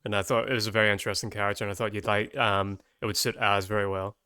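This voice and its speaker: Bright, chatty male podcast host. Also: lowish voice, level tone, clear, resonant tone, dry recording, clean studio sound. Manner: rambling, chatty, quick tangents. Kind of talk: casual podcast chat.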